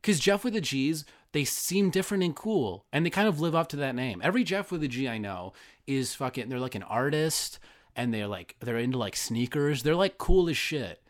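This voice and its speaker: A man talking solo on his podcast in a rambling, self-mocking comic monologue, swearing freely. His pitch swings widely and he is full of life as he rants. He sounds casual and unscripted. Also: expressive, normal speed. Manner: rambling, profane, self-deprecating. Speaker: podcast host.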